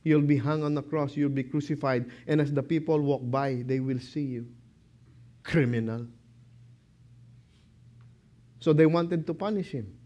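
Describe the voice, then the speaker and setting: A man preaching a sermon, slow and emphatic, who keeps asking rhetorical questions. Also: a little high, steady tone, dark tone, lo-fi sound.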